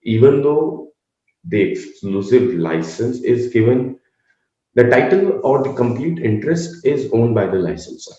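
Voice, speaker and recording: A man's voice: mid-range voice, expressive, measured pace, dark tone. A man lecturing on intellectual property, explaining methodically with frequent fillers and self-corrections. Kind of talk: explanatory talk. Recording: dull, roomy sound.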